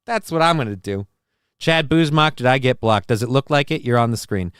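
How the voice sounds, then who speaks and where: A man's voice: medium pitch, lively intonation, fairly quick, fairly bright tone, smooth, dry recording, studio quality. Defensive, rambling man livestreaming to chat. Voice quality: voice cracks. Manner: defensive, rambling, swears casually. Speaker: livestream host reading chat. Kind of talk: casual live-stream chat.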